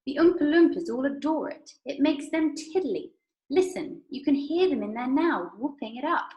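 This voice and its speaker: A woman doing a brisk, high Willy Wonka. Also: animated, roomy sound, muffled recording. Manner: bright, bossy, impatient. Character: eccentric brisk male chocolate maker.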